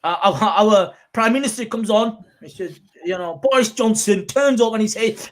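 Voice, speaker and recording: A man hosting a podcast in casual chat, animated and quick to act out quotes in a raised voice. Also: high-pitched. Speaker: podcast host.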